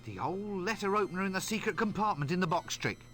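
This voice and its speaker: A man's voice: sits high, animated, fast, fairly bright tone, faint music behind. An actor playing a wry, cowardly male wizard hero in a video game, muttering sly asides to himself.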